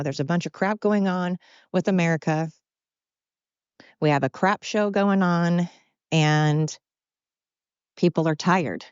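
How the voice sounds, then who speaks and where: A woman's voice: on the low side, a little mellow, clear, resonant tone, dry recording, muffled recording. A tired woman hosting her podcast at home, talking in a rambling, candid monologue. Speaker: podcast host. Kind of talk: casual personal monologue. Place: at home with pets.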